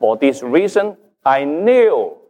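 Male pastor, sermon, very slow delivery, emphatic stresses, long hall echo. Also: on the high side, big pitch swings, a little mellow. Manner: slow, emphatic preaching with rising and falling stresses. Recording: long reverb of a large hall.

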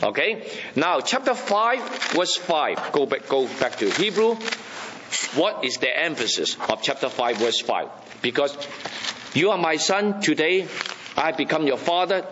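A man's voice: a little high, dull audio, background noise. A man preaching a Bible teaching sermon, emphatic and repetitive, often checking that listeners understand.

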